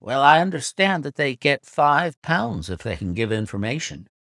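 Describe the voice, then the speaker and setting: A man voicing an excitable country doctor who asks eager, curious questions. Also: mid-range voice, moderate pace, gravelly, no echo, clean studio sound, voice pushed up. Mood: inquisitive. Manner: eager, inquisitive exclamations.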